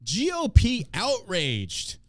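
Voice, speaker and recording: A man's voice: high-pitched, huge pitch swings, slow pace, a bit bright, dry recording, studio quality. A man hosting a podcast, ranting in a profane, sarcastic, casual way about politics. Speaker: podcast host.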